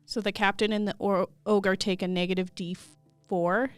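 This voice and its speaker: A woman's voice: mid-range voice, level tone, moderate pace, clear, resonant tone, no echo, faint music behind. A woman playing a tabletop game, chatting and thinking aloud as she plans her turn. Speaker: player. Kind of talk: casual tabletop game play.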